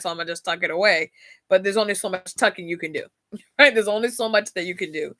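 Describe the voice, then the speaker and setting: A woman's voice: fairly low pitch, pushed and bright, no echo, studio quality. A woman hosting a casual faith-based talk, chatty and laughing often as she speaks straight to her listeners. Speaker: podcast host.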